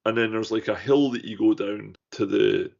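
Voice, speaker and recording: Gravelly sweary man. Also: fairly low pitch, fairly even intonation, normal speed, darkish tone. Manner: sweary storytelling. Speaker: podcast co-host. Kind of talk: casual chat. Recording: muffled lo-fi recording.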